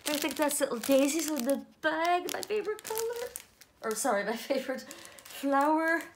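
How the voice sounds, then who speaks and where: A middle-aged Irish woman, a doll collector vlogger, chats casually while unboxing dolls, her animated voice sitting high at normal speed over slight background noise. She gasps and gushes with delight, exclaiming "oh my goodness."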